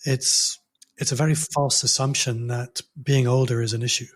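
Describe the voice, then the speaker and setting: A man hosting an interview podcast, thoughtful and pausing to search for the right word. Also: mid-range voice, fairly even intonation, a bit bright. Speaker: podcast host. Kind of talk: interview conversation.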